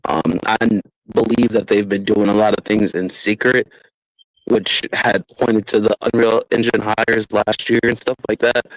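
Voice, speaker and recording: A man hosting a podcast in casual chat, getting animated when he describes fights. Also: lowish voice, normal speed, dry recording, low-quality recording. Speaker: podcast host.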